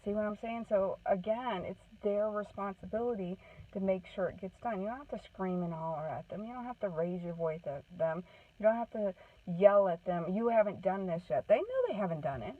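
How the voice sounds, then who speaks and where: A woman's voice: mid-range voice, expressive, brisk, distant mic. A woman giving casual, earnest parenting advice to her listeners, often checking in with "okay?". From Maine. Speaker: parenting advocate. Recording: tinny phone-like sound from off the mic.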